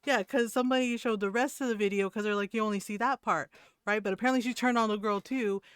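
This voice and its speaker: A woman streamer telling a story in casual chat, profane and animated, laughing often. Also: a little high, fast talker, clean tone, no echo, clean studio sound.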